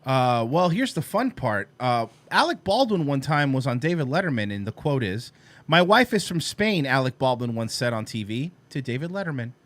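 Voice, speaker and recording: A man's voice: mid-range voice, expressive, normal speed, hardly any pauses. A man co-hosting an online talk show, reading out an article and mocking it in sarcastic asides. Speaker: co-host. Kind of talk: casual commentary on clips.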